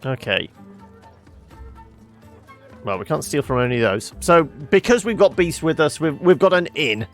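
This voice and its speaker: A man's voice: fairly high pitch, lively intonation, moderate pace, faint music behind. A man hosting a game playthrough who makes wry remarks and thinks aloud in casual commentary. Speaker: gameplay host.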